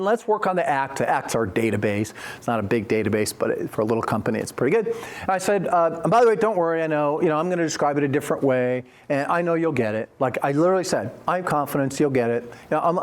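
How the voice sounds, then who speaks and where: Chatty male workshop trainer. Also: a little high. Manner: conversational, anecdotal, frequent "right?" check-ins. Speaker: corporate trainer. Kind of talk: live training workshop talk.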